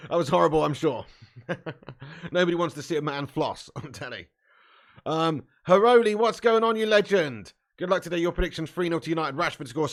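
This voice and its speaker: A man hosting a live football watch-along, commenting on play, cheering loudly and chatting casually with viewers. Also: a little high, normal speed. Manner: excitable, bursts into loud cheering, swears freely, chats to viewers. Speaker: fan watch-along host.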